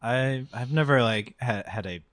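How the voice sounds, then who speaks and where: A man's voice: medium pitch, a little slow, a bit bright, no echo. A man co-hosting a podcast, telling a story in wry, self-deprecating casual chat and laughing now and then. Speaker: podcast co-host.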